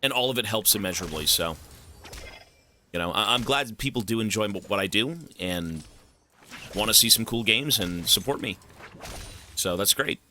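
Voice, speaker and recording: A man's voice: fairly low pitch, animated, moderate pace, pauses often, bright, forceful tone, a little hiss or hum. A young man chatting with his stream viewers while playing, rambling and swearing as he jokes around. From Canada. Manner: rambling, profane, joking with chat. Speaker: game streamer. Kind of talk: casual stream chat while gaming.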